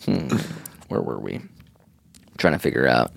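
A man's voice: rumbling low, big pitch swings, measured pace, creaky, no echo. A man co-hosting a podcast in casual comedic chat, rambling and joking with lots of fillers. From Miami. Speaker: podcast co-host.

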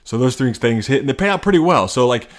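A man hosting a comedy podcast, ranting loosely and swearing freely. He rambles through restarts and leaps into sudden high-pitched bits, and his speaking voice sits at an ordinary middle pitch. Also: lively intonation, quick pace. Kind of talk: casual comedic rant.

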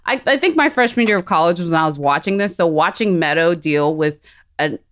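A woman's voice: lowish voice, animated, a little fast, fairly bright tone. A woman in her forties co-hosting a podcast, chatty, with many fillers. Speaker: podcast co-host. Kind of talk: casual review chat.

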